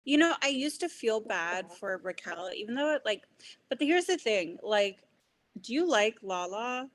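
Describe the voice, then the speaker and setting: A woman's voice: a little high, big pitch swings, unhurried, low-quality recording. A woman who is a guest on a podcast, giving blunt opinions about reality TV in a casual, laughing chat. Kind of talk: casual pop culture chat.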